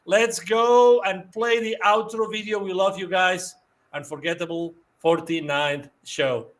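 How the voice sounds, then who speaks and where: Male host, effusive and repetitive, fairly high pitch. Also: steady tone, a little slow, fairly bright tone. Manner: effusive, repeats himself, restarts often. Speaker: show host. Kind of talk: live show sign-off, reading viewer messages.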